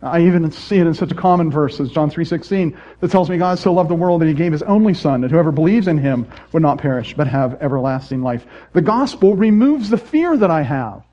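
Man, pastor, sermon, fairly high voice, earnest, rhetorical questions. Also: expressive, fairly quick, few pauses, dark tone, highs cut off.

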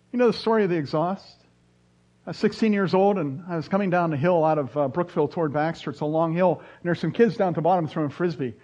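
A man's voice: on the high side, darkish tone. A middle-aged man, preaching a sermon and telling stories with rising bursts of emphasis. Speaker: pastor. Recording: dull lo-fi sound.

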